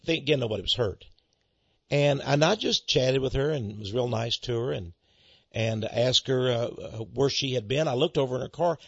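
A male pastor and ministry head delivers a folksy, storytelling radio sermon as a monologue. His medium-pitched voice is husky, and the dull, lo-fi recording is dry.

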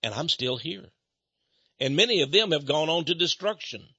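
Male televangelist preacher, fairly high, bright husky voice; folksy and emphatic, repeats for effect. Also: lively intonation, moderate pace, no room sound, lo-fi sound. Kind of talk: televangelist sermon with a fundraising appeal.

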